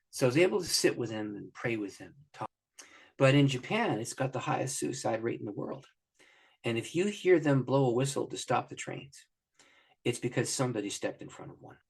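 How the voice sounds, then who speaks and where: Husky man, middle-aged, mid-pitched, pastor guest, animated storyteller. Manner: animated storyteller, acting out dialogue with emphasis. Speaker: guest, pastor and prayer minister. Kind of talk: storytelling in a podcast interview.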